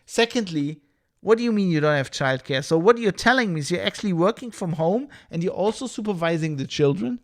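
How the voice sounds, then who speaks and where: A man's voice: high-pitched, expressive, brisk. A man hosting a podcast livestream, ranting in a heated, profane, rambling way. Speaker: podcast host.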